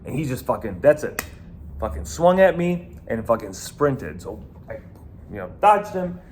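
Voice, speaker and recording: A man's voice: medium pitch, sing-song, normal speed, darkish tone, slight background noise. A man with a New York accent, a former bouncer, telling a rambling, profane story in casual talk.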